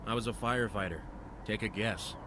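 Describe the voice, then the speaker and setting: A guarded former firefighter , voiced by a man, speaking bluntly and matter-of-factly in a game. His voice sits fairly low, with a faint hiss in the background. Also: fairly quick, natural voice. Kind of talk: game voice acting.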